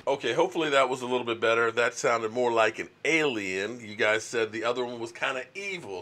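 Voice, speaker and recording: Man, live-stream host, bright tone, laid-back chat, reads viewer messages. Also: medium pitch.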